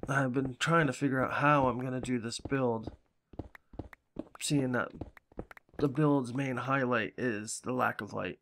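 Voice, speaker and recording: Male gaming host, unhurried profane chatter, medium pitch. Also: steady tone, fairly bright tone, a little hiss or hum. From Salem, Massachusetts. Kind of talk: casual gameplay commentary.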